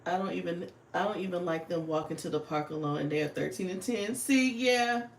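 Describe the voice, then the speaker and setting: A woman's voice: fairly low pitch, brisk, roomy sound. A woman, chatting casually and swearing freely on a livestream. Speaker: livestream host. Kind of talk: casual livestream chat while planning.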